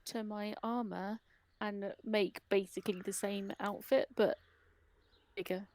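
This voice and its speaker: A woman's voice: medium pitch, steady tone, measured pace, a little mellow, dry recording. Matter-of-fact woman player. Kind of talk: tabletop game play.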